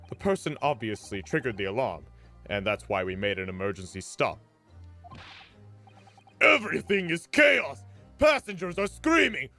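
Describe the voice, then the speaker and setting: A man's voice: medium pitch, sharp tone. A man voicing a middle-aged police inspector with a stiff, formal delivery.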